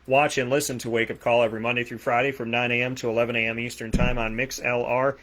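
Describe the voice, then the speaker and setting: A man with a Boston accent hosting a sports talk show, rattling off plugs and shout-outs with energy. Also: medium pitch, level tone, fast talker. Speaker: host. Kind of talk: energetic radio show sign-off.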